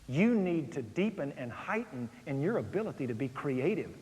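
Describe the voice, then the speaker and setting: A man preaching a sermon, telling stories with big swings from loud outbursts to hushed asides. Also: on the high side, animated, normal speed. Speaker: pastor. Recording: long hall reverb.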